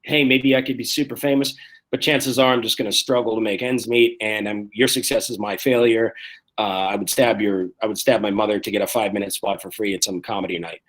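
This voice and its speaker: A man in his forties, a comedian guest telling rough, profane stories on a video call and acting out the quotes. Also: on the low side, steady tone, a bit bright. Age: 40s. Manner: rapid, profane storytelling that acts out quotes. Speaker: guest, street performer and comedian. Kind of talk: casual podcast chat.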